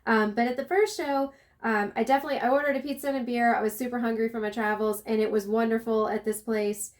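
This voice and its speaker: A woman's voice: a little high, steady tone, fast. A woman with a Southern accent, chatting casually as a travel vlogger and telling a long story with lots of fillers and restarts.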